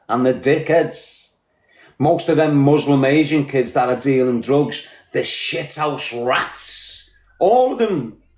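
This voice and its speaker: A man's voice: fairly high pitch, reverberant. A man with a Liverpool accent ranting bluntly on a podcast, combative and full of swearing. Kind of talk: heated podcast rant.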